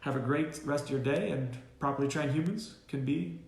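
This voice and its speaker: A man, a dog trainer hosting a casual live Q&A, who talks in an animated, storytelling way full of fillers and restarts. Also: on the high side, a little fast, vocal fry. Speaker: dog trainer and show host. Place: boarding kennel room. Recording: roomy kennel room.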